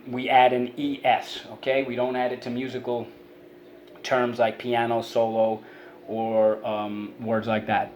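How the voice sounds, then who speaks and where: A man teaching a spelling and vocabulary lesson for children, sounding out words slowly and prompting listeners to repeat them. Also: medium pitch, a little mellow, slight background noise.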